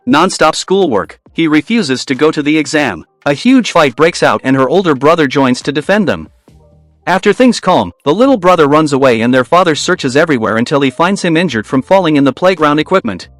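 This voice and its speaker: A man's voice: a little high, a bit bright, dry recording. A man narrating a recap of a school romance drama in a casual, scripted way with wry asides.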